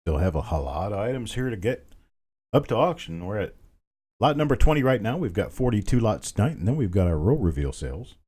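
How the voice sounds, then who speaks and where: A man's voice: lowish voice, big pitch swings, brisk, darkish tone, breathy edge. A man hosting a live online coin auction, chatting casually, calling out bids and greeting bidders by name. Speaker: auction host.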